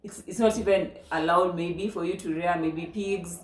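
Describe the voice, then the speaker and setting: Kenyan girl chatting, kinda low voice, lively storyteller, echoey room. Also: moderate pace. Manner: animated storyteller, switching into Swahili phrases. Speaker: channel host. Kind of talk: casual chat.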